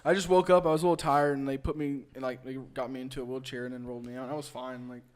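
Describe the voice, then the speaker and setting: A man's voice: medium pitch, little pitch movement, quick pace. A young man co-hosting a podcast, telling a rambling story full of fillers in casual chat. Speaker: podcast co-host.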